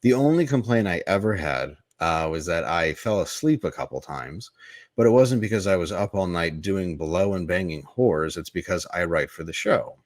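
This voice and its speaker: A man with a deep, low voice tells a long candid story as a podcast guest. He is blunt and profane, circling back with restarts as he goes. The sound is close and dry. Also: expressive, moderate pace, no echo. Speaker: comedian guest.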